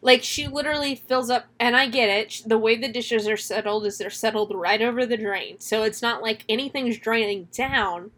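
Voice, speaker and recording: A woman's voice: on the high side, normal speed, few pauses, a bit bright. A woman hosting a casual podcast chat, retelling a horror film's plot with swearing and laughter. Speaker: podcast host reviewing a horror film.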